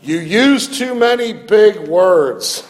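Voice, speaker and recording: A male pastor voicing a grumpy little old man who bluntly complains in slow, raised tones. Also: high-pitched, animated, in a large hall, pitched above the performer's own voice. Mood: grumbling.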